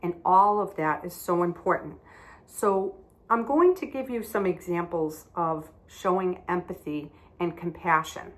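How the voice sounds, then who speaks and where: A woman teaching young children, speaking gently, with simple, repeated words. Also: on the low side, measured pace.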